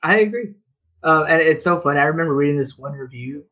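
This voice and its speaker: A man's voice: fairly high pitch, lively intonation, quick pace, sharp tone, highs cut off. A man in casual podcast chat, easygoing and agreeable. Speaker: podcast co-host.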